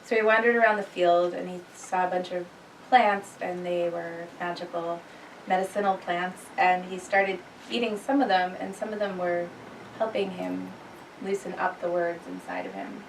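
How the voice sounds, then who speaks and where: Gravelly-voiced woman narrating a tale. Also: fairly low pitch, fairly even intonation, moderate pace, a little hiss or hum. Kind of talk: improvised group storytelling. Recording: roomy, mic far off.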